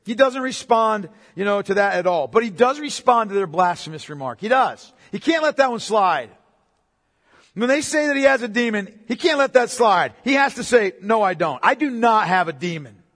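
A man preaching an expository sermon, emphatic and repetitive, swinging from loud declarations to hushed asides. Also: high voice, animated, normal speed, in a large hall. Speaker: pastor.

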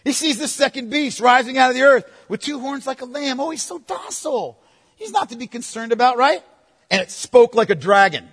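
A man preaching a sermon, moving between forceful proclamation and hushed, playful asides to the congregation. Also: extremely high pitch, animated, brisk, in a large hall. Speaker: pastor.

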